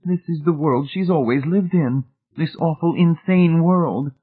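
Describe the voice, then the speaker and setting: A man voicing a gentle, distressed older woman who speaks in a plaintive, drawn-out way. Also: a little high, breathy edge, voice pushed up. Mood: pitying. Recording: tinny phone-like sound.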